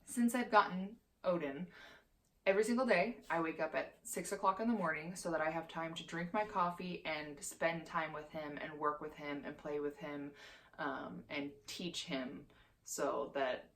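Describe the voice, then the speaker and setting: A woman's voice: low-pitched, steady tone, normal speed, a bit bright, a little hiss or hum. A woman in her twenties ranting as a vlogger, heated and profane, swearing constantly. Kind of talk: heated opinion rant.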